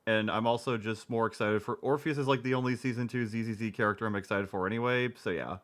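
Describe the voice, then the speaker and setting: A man's voice: fairly low pitch, steady tone, fast talker, fairly bright tone. A man in his twenties streaming, reacting to a video with sarcastic, profane commentary. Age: 20s.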